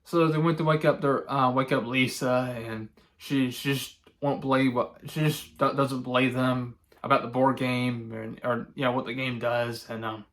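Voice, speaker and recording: A man giving a casual spoken movie review, rambling and halting with many fillers and restarts, chuckling now and then as he recounts scenes. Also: medium pitch, level tone, fairly bright tone. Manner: chuckles often while recounting.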